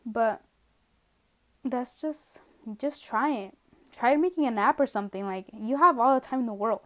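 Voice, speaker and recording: A young woman with a slightly high voice talks alone into her podcast from home. She rambles in a casual, self-mocking way, trails off into asides, and sounds a little out of breath. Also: normal speed, fairly bright tone. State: a bit out of breath. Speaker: podcast host. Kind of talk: casual solo rant. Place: at home, indoors.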